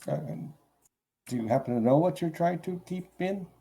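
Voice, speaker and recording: A courteous but nervous demon slayer, played by a man at the table trips over his words. The voice is dark, husky and full of gravelly fry. His speech stays formal and stiff. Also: fairly high pitch, expressive, moderate pace, voice pushed up. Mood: polite. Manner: stammering, formal, polite. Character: polite male demon slayer, nervous diplomat.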